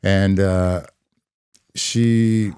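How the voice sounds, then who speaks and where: A middle-aged man from California, a former police officer telling his story as a podcast guest in a reflective, unhurried way, with many "you know" fillers. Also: low voice, fairly even intonation, a little mellow, clean tone, dry recording. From California, USA. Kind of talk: conversational storytelling.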